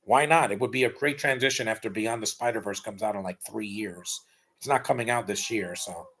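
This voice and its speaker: A man's voice: fairly low pitch, brisk, a bit bright, breathy edge. A man giving casual, blunt and rambling live commentary while rewatching a film. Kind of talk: casual opinionated watch-along commentary.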